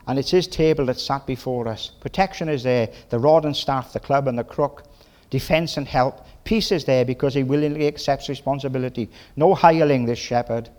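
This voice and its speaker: Lively Welsh preacher, folksy. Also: male voice, mid-range voice. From Wales. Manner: folksy, lively, quick bursts with tag questions. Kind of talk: sermon.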